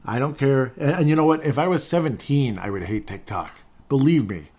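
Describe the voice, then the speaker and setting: A man hosting a solo sports podcast, reading fan messages and ranting in an animated, sarcastic way. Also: mid-range voice, brisk. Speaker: podcast host.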